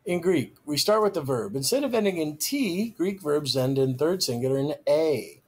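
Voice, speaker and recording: A man delivers a recorded grammar lecture in a slightly husky voice. His pitch moves a lot, lifting on key terms and dropping at the ends of phrases. He speaks slowly and deliberately, stressing each new word. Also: expressive, a little mellow. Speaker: teacher.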